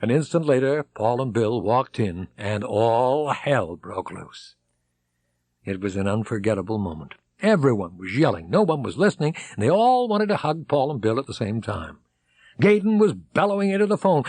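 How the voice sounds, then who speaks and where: A man reading an audiobook aloud, dramatic, voicing characters and shouting their excited lines. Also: mid-range voice, moderate pace, no room sound. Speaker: audiobook narrator.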